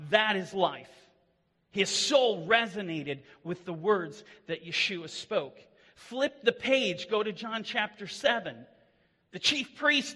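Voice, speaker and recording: A man preaching a sermon with earnest emphasis, rising to loud declarations and dropping to low, quiet lines. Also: big-room sound.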